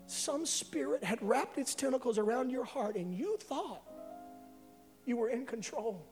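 A man preaching a sermon, telling an emotional testimony that swells to loud passionate peaks. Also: extremely high pitch, expressive, measured pace. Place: church sanctuary. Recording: live hall with reverb and faint music.

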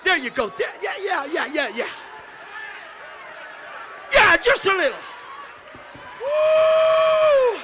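A man preaching a Pentecostal sermon, moving from shouted calls to hushed storytelling, repeating phrases and speaking in tongues. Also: very animated, slow pace, pauses often, a faint crowd, slight background noise. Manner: swings from shouted exhortation to low hushed storytelling. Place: church service.

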